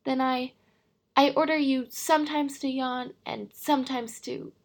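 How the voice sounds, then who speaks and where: A woman reading an audiobook, voicing a proud, pompous old king who gives grand formal orders, with a gravelly, husky voice. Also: a little high, fairly quick. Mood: commanding.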